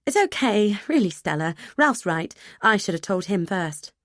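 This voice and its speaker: Woman playing a timid young wife, soft and placating, dry close sound; storybook role. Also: mid-range voice, big pitch swings, normal speed, no echo, natural voice.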